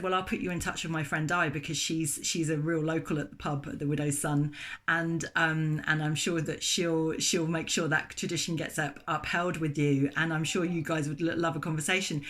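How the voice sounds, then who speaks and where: Woman vlogger, middle-aged, slightly low voice, animated and chatty storyteller. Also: normal speed. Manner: chatty, animated, many fillers. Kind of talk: casual storytelling.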